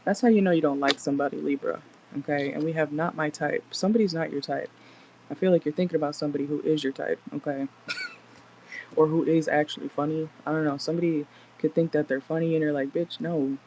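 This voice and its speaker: A woman's voice: low voice, fairly even intonation, fast talker, dark tone, a little hiss or hum, rough recording. A woman doing a casual tarot reading in a car, chatty and blunt, swearing freely as she talks to viewers. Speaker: tarot reader.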